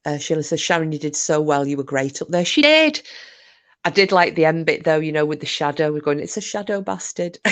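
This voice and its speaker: Fairly quick and low-pitched with lively intonation, this Scottish livestream host reads out comments from viewers and banters back at them. She's teasing and chatty, with a bit of mild swearing.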